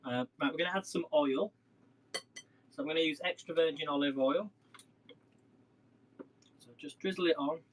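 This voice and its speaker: A man's voice: a little high, moderate pace, pauses often, slight background noise, poor audio. Chatty man cooking. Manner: chatty, rambling, talks to viewers while working. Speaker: cooking livestream host. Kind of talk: casual live cooking demo. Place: home kitchen.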